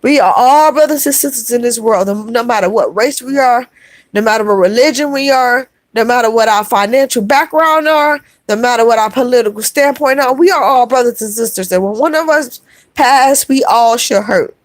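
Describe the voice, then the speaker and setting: With no room sound, a fairly high-pitched woman at a moderate pace pours her heart out on an emotional livestream. The middle-aged vlogger calls her audience "y'all" and restates her points for emphasis.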